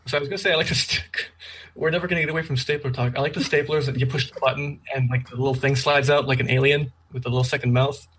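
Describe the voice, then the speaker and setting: A man from Canada chatting casually over a remote call, talking fast and joking, slurring words together. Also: medium pitch, steady tone, fairly bright tone. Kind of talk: casual chat.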